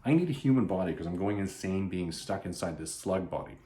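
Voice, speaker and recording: A man's voice: sits low, expressive, brisk, dark tone. Man doing a ranting spirit stuck in a slug. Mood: pleading. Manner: indignant, ranting. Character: ranting ancient spirit trapped in a giant slug. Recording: roomy echo.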